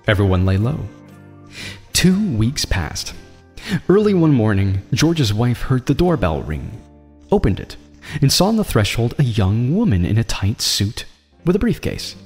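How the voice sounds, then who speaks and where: A man narrating a drama story in a measured, dramatic way. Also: fairly low pitch. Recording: long reverb with soft music.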